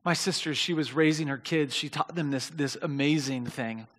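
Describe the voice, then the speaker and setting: At a normal pace, this pastor speaks in a slightly high voice within a large hall. His sermon unfolds as an animated story full of restarts and repeated words, and the climactic moments push him close to shouting.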